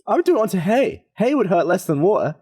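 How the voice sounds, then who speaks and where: A man chatting excitably on a podcast, quick to banter. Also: high-pitched, husky. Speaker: podcast regular. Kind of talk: casual chat.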